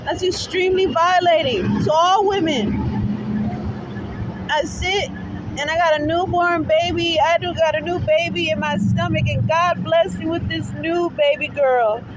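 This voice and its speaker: A woman's voice: very high voice, fairly even intonation, unhurried. A woman crying and ranting angrily at a bus stop, talking into her phone camera with plenty of swearing. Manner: angry, tearful, profane, repetitive. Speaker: mother posting a video appeal. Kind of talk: emotional selfie vlog rant. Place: outdoors at a city bus stop. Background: faint street traffic and passersby.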